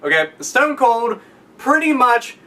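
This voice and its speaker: A man ranting casually and profanely, excitable, often breaking into loud shouted impressions. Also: very high-pitched, slow pace, recorded from a distance. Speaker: podcast guest.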